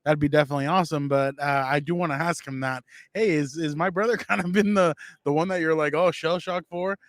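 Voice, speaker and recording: A man's voice: a little high, steady tone, brisk, no room sound, clean studio sound. A man co-hosting a sports podcast who talks eagerly and stumbles on his restarts. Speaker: podcast co-host. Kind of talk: casual chat.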